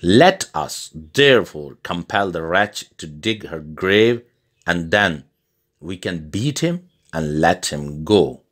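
A man's voice: low-pitched, animated, slow pace, a bit bright, full character voice. A man voicing a stern male villager in a storybook tale, speaking with a scornful edge.

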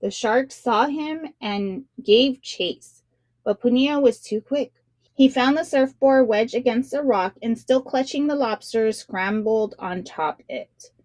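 A woman reading a children's picture book aloud as narrator, with expressive, dramatic emphasis. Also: a little high, takes it slowly, no room sound.

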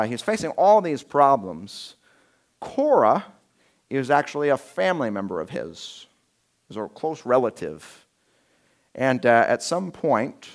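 A man preaching a conversational sermon as a pastor, telling the story casually and acting out quotes with lively shifts in voice. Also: mid-range voice. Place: church sanctuary.

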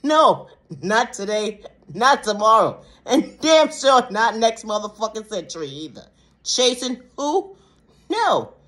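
Woman going off on a vlog rant, laughs a lot, cusses, voice bouncing all over, bright tone. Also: takes it slowly. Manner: laughs often between phrases, heavy swearing, repeats rhetorical questions; calm lower-voiced affirmations in the closing sign-off. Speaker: vlogger. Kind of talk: casual monologue rant to the camera.

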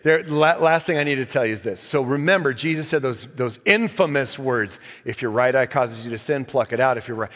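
Animated male pastor preaching in a reverberant church. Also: mid-range voice, brisk, hardly any pauses. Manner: animated, preachy, swings from quiet asides to loud emphatic peaks; joking, laughs at own stories. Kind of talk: sermon. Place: church sanctuary.

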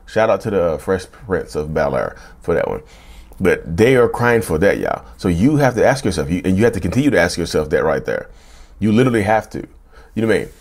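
A man's voice: low voice, big pitch swings, brisk. A man hosting his own channel, talking casually to his viewers, repeating himself and saying "y'all" a lot. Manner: conversational, repeats phrases, says "y'all" often. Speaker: YouTube host. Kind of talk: casual talk to camera.

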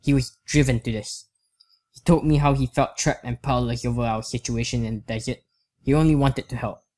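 A man voicing a worried old dark elf father who speaks gravely and pleads for his son. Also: mid-range voice, fairly even intonation, brisk, lightly acted. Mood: pleading.

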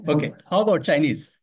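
A man's voice: fairly high pitch, darkish tone. A man giving a live tech demo at a meetup, talking casually, telling anecdotes and asking the audience questions. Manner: conversational, tells anecdotes, asks the audience questions. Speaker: meetup presenter. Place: office meeting room. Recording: voice from far off the mic.

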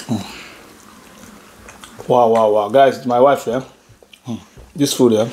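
A man's voice: mid-range voice, steady tone, takes it slowly, mellow, a little hiss or hum. A man hosting a casual family eating video at home, teasing his daughter and laughing often while he eats. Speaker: father and channel host. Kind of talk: casual family mukbang chat.

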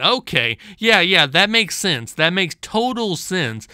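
A man's voice: high voice, sing-song, slow pace, few pauses, bright, forceful tone, clear, resonant tone, dry recording, clean studio sound. A man hosting a commentary vlog, ranting in an exasperated, sarcastic way with lots of stammering restarts. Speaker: channel host.

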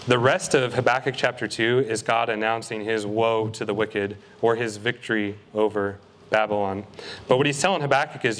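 A young man preaching a sermon as a guest speaker at a college ministry, earnest and emphatic, slowing down to read scripture aloud. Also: lowish voice, steady tone, a bit bright.

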